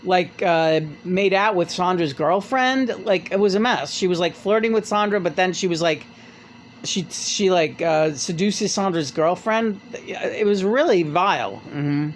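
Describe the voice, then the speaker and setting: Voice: medium pitch, measured pace, a little hiss or hum. A podcast host in casual chat retells a memoir, rambling and swearing freely, with many restarts. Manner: rambling, profane, full of restarts.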